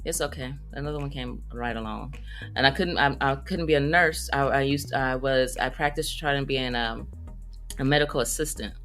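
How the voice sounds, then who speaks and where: A woman comedian telling funny stories in a casual monologue, animated and breaking into high squeaky voices when she quotes people. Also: normal speed, faint music behind. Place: Las Vegas.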